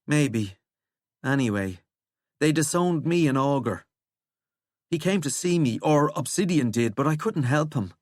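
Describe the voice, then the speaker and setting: Guy doing a sincere, unsure teen boy, hesitant, lively pitch, dry mic. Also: unhurried, pauses often, no room sound. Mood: downcast. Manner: earnest, hesitant. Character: earnest, unsure teenage boy.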